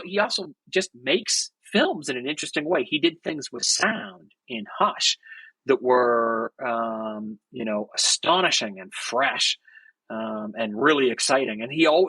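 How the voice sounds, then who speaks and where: A man's voice: medium pitch, very animated, moderate pace, sharp tone, slightly rough, dry recording, rough recording. A man who is a guest author, talking enthusiastically and thoughtfully in a casual interview.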